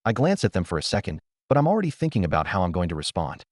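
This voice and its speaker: A man's voice: low voice, wildly swooping pitch, racing, dry recording, clean studio sound. A man narrating a scripted first-person story in an earnest, conflicted way.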